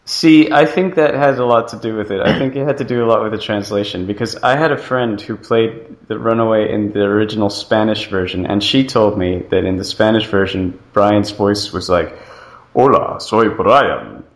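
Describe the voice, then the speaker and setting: A man's voice: fairly low pitch, steady tone, fairly quick, few pauses. A man co-hosting a casual podcast in an easygoing, agreeable way, with dry humour. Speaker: podcast co-host. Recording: echoey room sound.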